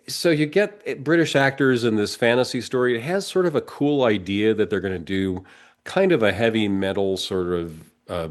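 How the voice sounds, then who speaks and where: A man with a cold, co-hosting a podcast in casual chat, rambling and restarting his sentences and laughing often. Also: lowish voice. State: has a cold. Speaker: podcast co-host.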